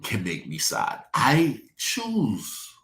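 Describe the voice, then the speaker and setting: A man preaching with a lively, swooping delivery that climbs and drops as he presses his points, speaking. He calls on listeners by name and asks them to repeat after him, and the room around him rings with echo. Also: on the low side, extremely slow. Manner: preachy call-and-response, addresses congregation by name. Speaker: pastor. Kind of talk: sermon. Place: church sanctuary.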